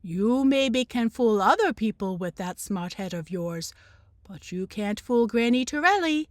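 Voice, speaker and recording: A woman reads aloud as a calm old grandmother who coaxes in plain, broken phrases. Her voice sits fairly high and swings widely from word to word. The pace stays slow and unhurried, in a dry, close recording. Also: no room sound. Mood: coaxing.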